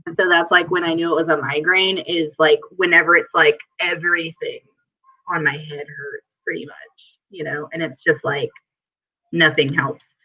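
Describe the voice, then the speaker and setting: A woman hosting a live stream, chatting casually and telling stories in a giggly, animated way over a video call. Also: deep voice, normal speed, highs cut off. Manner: giggly, animated storytelling with quoted asides. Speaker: host.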